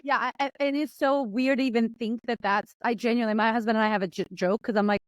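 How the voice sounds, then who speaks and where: A woman guest in an interview, a confidence coach who talks in an animated, emotional way, laughing and acting out little voices. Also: on the high side, fast, no room sound. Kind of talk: casual conversational interview.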